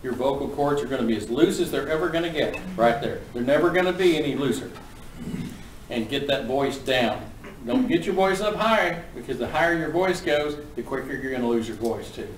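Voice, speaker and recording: A man lecturing a class on auctioneering in a folksy, brisk, joking manner. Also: mid-range voice, expressive, a little hiss or hum. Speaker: auctioneering instructor. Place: classroom with students. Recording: echoey room from a distance.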